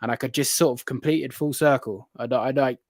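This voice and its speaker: A British man in his late twenties or thirties, chatting as a guest and telling stories with animated excitement and bursts of laughter. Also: medium pitch, a little fast, no room sound. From United Kingdom. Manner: excitable, animated storyteller who often laughs mid-sentence. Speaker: guest reptile keeper. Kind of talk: casual storytelling chat.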